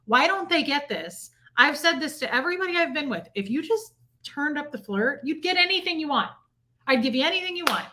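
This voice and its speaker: A woman's voice: sits high, animated, brisk, pushed and bright. A middle-aged woman co-hosting a casual chat show, talking in a brash, bawdy, flirtatious way. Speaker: podcast co-host. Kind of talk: casual chat reading live comments.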